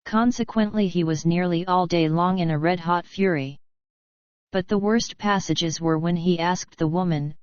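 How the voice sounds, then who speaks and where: Smooth-voiced woman narrating a novel. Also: on the low side, normal speed, dry recording, dull audio. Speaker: audiobook narrator. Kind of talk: scripted narration of a classic novel.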